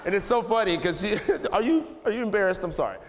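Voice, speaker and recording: A man in his thirties giving a relaxed, rambling talk to a live audience in a school auditorium, full of "you know" and "like". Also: sits high, quick pace, slight background noise. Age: 30s. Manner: loose and conversational, heavy with "you know" and "like". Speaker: guest speaker. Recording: long hall reverb.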